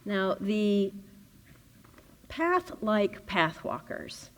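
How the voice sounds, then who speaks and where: A woman giving a spiritual teaching talk, animated and laughing often as she acts out little scenes. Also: mid-range voice, very slow. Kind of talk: playful teaching talk with acted-out inner dialogue.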